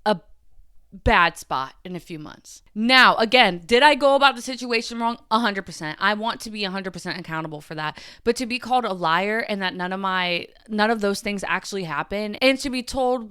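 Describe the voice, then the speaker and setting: A woman's voice: mid-range voice, expressive, normal speed, sharp tone, clean tone, dry recording, clean studio sound. A young woman hosting a podcast, talking through something that upset her, repeating herself, her voice rising and falling sharply. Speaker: podcast host. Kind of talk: emotional personal monologue.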